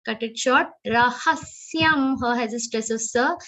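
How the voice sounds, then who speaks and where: High-voiced Indian woman teaching chanting. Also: fairly bright tone. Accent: Indian English. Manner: corrects pronunciation, chants verses slowly between quick explanations. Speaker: Sanskrit recitation teacher. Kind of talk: online chanting lesson. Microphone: video call.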